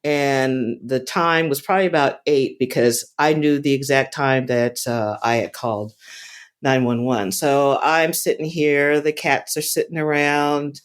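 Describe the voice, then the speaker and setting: A woman telling a personal story in a casual, halting way, often repeating words and restarting sentences. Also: very deep voice, fairly even intonation, smooth. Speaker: storyteller recounting a personal experience.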